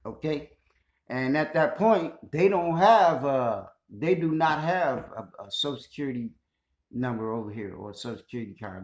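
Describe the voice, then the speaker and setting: A man's voice: mid-range voice, darkish tone. Emphatic man talking in an echoey room. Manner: emphatic, with repeated "you know what I'm saying". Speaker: host addressing listeners. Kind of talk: casual spoken monologue.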